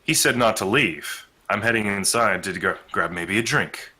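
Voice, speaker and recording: A man's voice: on the low side, expressive, normal speed, sharp tone, slightly rough. A man playing a tabletop role-playing game, talking hesitantly and sometimes speaking politely in character. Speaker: player.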